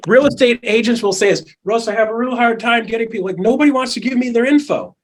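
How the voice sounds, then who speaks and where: Middle-aged male coach, high husky voice, lively, acts out quotes. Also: quick pace. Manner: animated, acts out quoted people and calls. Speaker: real estate recruiting coach. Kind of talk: energetic coaching talk in an interview.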